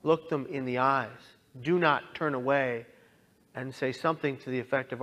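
A young man earnestly telling his own story as a talk, moving from quiet to impassioned. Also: mid-range voice, fairly even intonation, normal speed. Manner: earnest, swings from hushed to impassioned. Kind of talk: personal testimony talk.

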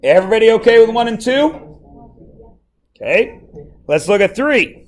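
A man's voice: high-pitched, very animated, normal speed. A male math teacher in a classroom, playfully quizzing his students and joking with them. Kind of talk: classroom lesson.

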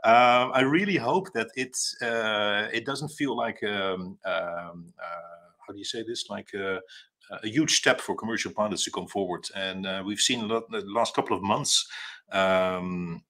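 A Dutch man in his thirties talks as an interview guest over a video call. His voice sits a little low but has a bright edge. He speaks haltingly, full of fillers and restarts. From Netherlands. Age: 30s. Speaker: guest, cargo pilot. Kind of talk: casual interview talk.

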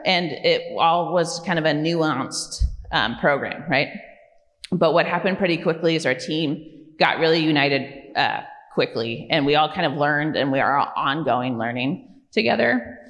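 A woman's voice: low voice, a bit bright. A woman directing a program, giving an informal, conversational presentation at a community meeting, with frequent ums and tag questions. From California. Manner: conversational, many fillers like "um" and "right?". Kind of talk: informal presentation to a public audience. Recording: long reverb of a meeting hall.

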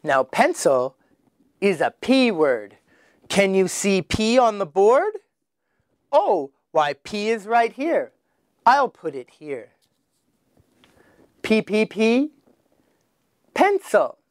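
A man teaching children their letters, slowly sounding out each one with exaggerated emphasis. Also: sits high, very animated, dry recording, studio quality. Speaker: English teacher. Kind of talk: children's phonics lesson.

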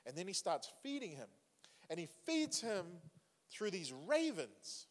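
Man, pastor, lively conversational sermon, fairly high voice, long hall reverb. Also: measured pace. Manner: conversational, animated preaching with asides to the congregation.

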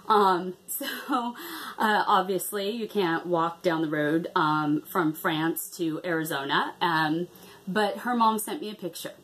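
A woman's voice: medium pitch, a bit bright. A woman chatting casually in a craft vlog, hesitant with many ums and restarts. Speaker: cross-stitch vlogger.

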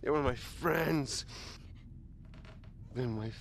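An actor playing a bitter, desperate male scientist in a game, shifting between quiet and intense lines. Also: mid-range voice, very slow, gravelly, a little hiss or hum. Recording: game audio over music.

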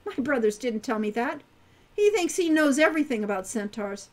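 A woman reading as a curious teenage girl adventurer in a storybook, casual and eager. Her voice is high and bounces lively through each line. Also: moderate pace.

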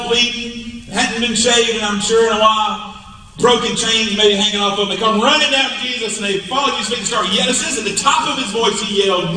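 Guy preaching a sermon, high bright voice, sounds far off in a big echoey church. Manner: animated storytelling, rising to emphatic peaks. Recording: echoey hall, mic from afar.

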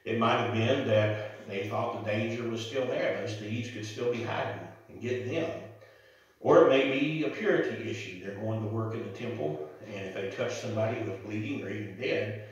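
Pastor guy preaching, lowish voice, big echo, sounds far from the mic. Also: moderate pace. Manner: storytelling, conversational. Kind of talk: sermon. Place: church sanctuary. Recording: echoey church, mic from far off.

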